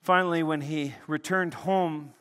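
Preacher in a big echoing hall. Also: male voice, fairly high pitch, a little slow, smooth. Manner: animated, swings from loud excitement to hushed intensity. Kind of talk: sermon with storytelling. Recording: long reverb of a large hall.

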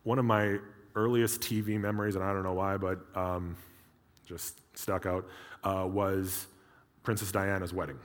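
Male pastor with a low voice for a conversational sermon with joking asides, in a reverberant hall. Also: level tone, a little slow. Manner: conversational, with humorous personal asides.

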